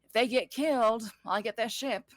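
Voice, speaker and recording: A woman's voice: fairly high pitch, normal speed, no room sound, pitched above the performer's own voice, natural voice. A woman voicing a smug, teasing woman who lurks in shadows, sly and offhand with affectionate mockery.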